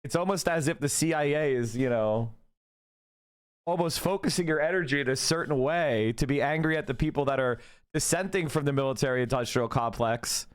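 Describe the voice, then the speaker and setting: A man's voice: on the high side, a little fast, smooth. A man streaming a heated political rant, profane and exasperated, firing off rhetorical questions.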